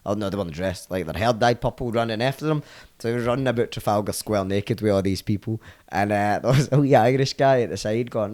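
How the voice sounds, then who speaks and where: A man's voice: lowish voice, fast talker, a little mellow. A man with a Scottish accent, a comedian and podcast guest telling rambling, sweary stories in casual chat.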